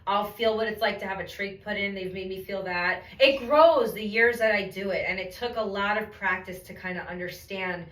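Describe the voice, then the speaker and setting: A woman's voice: medium pitch, normal speed, hardly any pauses, a bit bright. A woman telling stories in a casual chat, acting out what people said. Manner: chatty storyteller, acts out quotes. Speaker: medium, podcast guest. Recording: echoey room, far from mic.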